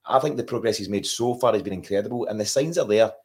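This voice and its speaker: A man hosts a relaxed podcast chat about football. He talks at a brisk clip in a fairly low voice and keeps the talk moving with questions. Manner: quick, animated, asks questions. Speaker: podcast host.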